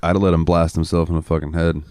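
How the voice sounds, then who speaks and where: A man co-hosting a podcast, profane and animated, retelling a comedy bit in casual chat. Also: deep voice, fast talker, dry recording, studio quality. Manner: profane, animated, laughs easily. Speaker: podcast co-host.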